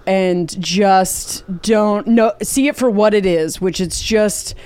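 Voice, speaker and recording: A woman's voice: mid-range voice, slow, darkish tone, clean tone, dry recording. A woman comedian as a podcast guest, explaining her ideas in an earnest, reflective way. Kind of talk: casual chat.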